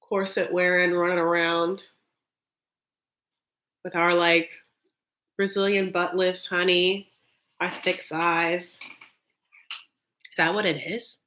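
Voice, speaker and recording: A woman's voice: on the low side, flat delivery, slow pace, long pauses, a bit bright. A woman in her thirties giving a casual live reaction recap of a reality show, chatty and sarcastic, filling her talk with "like". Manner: chatty, sarcastic, heavy use of "like".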